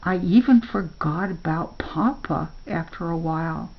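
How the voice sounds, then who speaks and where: A woman's voice: on the low side, measured pace, dull audio. An older woman voicing a young boy, earnest and remorseful, pleading and anxious.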